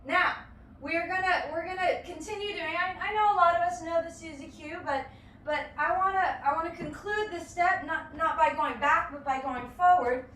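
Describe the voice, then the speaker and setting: A woman's voice: very high voice, normal speed, a bit bright, distant mic, a little hiss or hum. A woman teaching a live-streamed dance lesson, counting beats aloud in a playful, encouraging way. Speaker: dance instructor. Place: home or studio room. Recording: echoey room, voice from afar.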